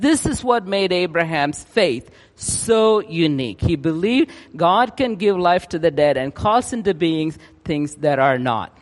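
A man preaching a sermon, excited and rushing, often checking in with his listeners. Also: fairly high pitch, in a large hall.

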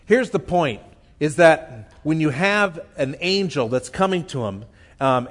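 A man preaching a sermon, reading scripture and explaining it earnestly, slowing down to stress his points. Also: on the high side. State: tearful, choked up. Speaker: pastor.

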